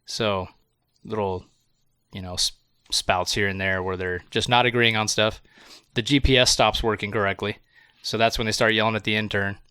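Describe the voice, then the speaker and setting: Podcast co-host, male, lowish bright voice, dry close sound, giggly and profane plot recapper. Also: steady tone, moderate pace, clear, resonant tone, no room sound. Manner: laughs often, swears freely, recounts plot in loose rambling bits. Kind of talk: casual movie review chat.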